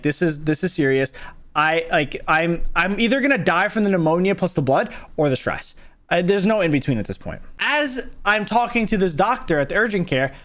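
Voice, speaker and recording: A young man tells a story from his own life to a livestream, and he swears freely. His voice sits high and swings wide, and it jumps up sharply when he is outraged. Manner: animated, profane, jumps to high exclaims. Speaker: streamer telling a story.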